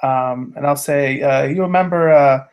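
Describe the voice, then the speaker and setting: A man's voice: medium pitch, moderate pace, smooth, muffled recording. A man playing a tabletop game, speaking in character in a casual, hesitant way with many restarts. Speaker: player. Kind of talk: in-character tabletop role-play.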